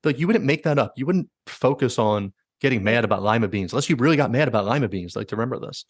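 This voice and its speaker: With a medium pitch, lively intonation and a fast delivery, a man hosting a podcast recounts stories casually, using lots of "likes" and quoted asides. The studio sound is clean, without echo.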